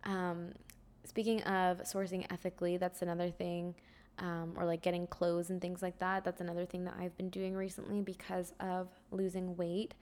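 A young woman hosting her own podcast, musing in a rambling, reflective way with many fillers and soft trailing phrases. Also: fairly low pitch, monotone, normal speed. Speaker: podcast host. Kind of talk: casual solo podcast chat.

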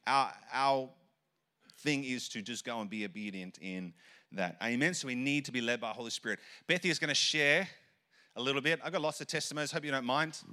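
An Australian man giving a sermon in a bright, sharp voice. He tells his stories conversationally, stopping and restarting often as he goes. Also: medium pitch. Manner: rambling, conversational storytelling with many restarts. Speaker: pastor.

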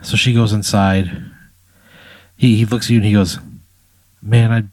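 A man's voice: on the low side, flat delivery, normal speed, a little mellow, no echo. A man spinning an improvised story in a loose, casual way, swearing and saying "like" and "you know" a lot. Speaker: podcast storyteller.

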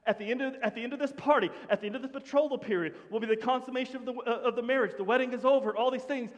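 A man preaching a sermon to his congregation in an animated, conversational way, often dropping to a hush. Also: very high-pitched, very fast, dull audio. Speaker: pastor. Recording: long hall reverb.

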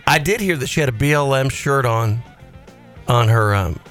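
A man's voice: medium pitch, animated, moderate pace, fairly bright tone, faint music behind. A playful man hosts a morning radio show and keeps the banter moving. His voice sits in an ordinary middle range. He often trips over the start of a sentence before he gets going. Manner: playful, leads the segment, stumbles over starts. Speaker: radio host.

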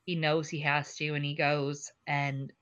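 A woman's voice: deep voice, flat delivery, a little slow, fairly bright tone, smooth, highs cut off. A tipsy woman co-hosting a casual podcast chat, gushing and laughing often as she talks. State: tipsy from drinking. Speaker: podcast co-host.

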